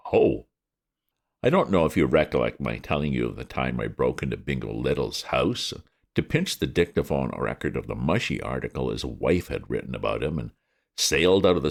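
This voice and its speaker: A man reading a comic novel aloud with lively, wry narration. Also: very deep voice, vocal fry. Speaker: reader of classic fiction. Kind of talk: audiobook narration.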